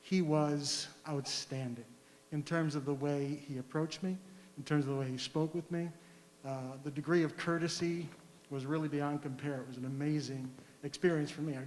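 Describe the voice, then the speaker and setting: A man speaks earnestly and deliberately at a community listening session, pausing often on fillers. His voice sits a little high for a man. It rings through a large, echoey school hall, with a faint hum underneath. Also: a little mellow. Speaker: community member giving public comment.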